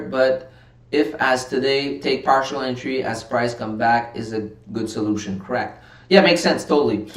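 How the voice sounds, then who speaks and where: A man's voice: medium pitch, fairly bright tone. A man hosting a live trading stream in casual commentary, reading viewer chat aloud and reacting, sometimes getting worked up. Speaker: livestream trading host. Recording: roomy sound from a distant mic.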